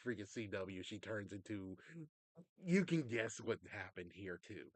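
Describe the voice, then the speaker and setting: A man's voice: fairly low pitch, lively intonation, measured pace, no echo. A man ranting casually to his audience, rambling in a frustrated way, swearing and stepping into little quoted asides. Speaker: vlogger. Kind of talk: casual rant to camera.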